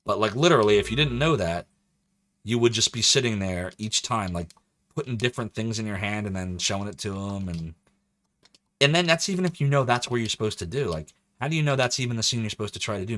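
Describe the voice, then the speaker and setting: A man's voice: on the low side, fast talker, fairly bright tone. A male game streamer chatting casually with his viewers as he plays, rambling and laughing often. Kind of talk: casual live-stream commentary.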